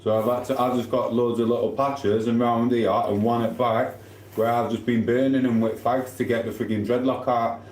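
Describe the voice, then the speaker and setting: Speaking at normal speed in a mid-range, darkish voice with little pitch movement, this middle-aged Sheffield man chats cheekily and swears casually while answering his livestream chat. The echoey room carries slight background noise.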